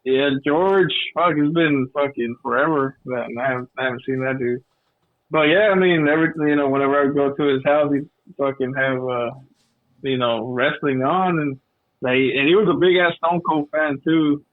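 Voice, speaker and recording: A man guest on a casual podcast, talking in a relaxed, laid-back way with plenty of fillers. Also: a little high, normal speed, no echo, phone-quality sound. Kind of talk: casual chat.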